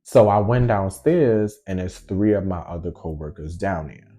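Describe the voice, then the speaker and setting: A man casually telling a story to his viewers in a slangy, animated way, acting out each side of the conversation. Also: deep voice, moderate pace, soft background music.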